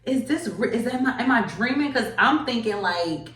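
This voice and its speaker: A woman comedian telling stories in a casual podcast chat, animated and acting out the voices of others. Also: on the high side, moderate pace, recorded from a distance. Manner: animated storyteller, acts out quoted voices. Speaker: comedian guest. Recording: roomy, from off mic.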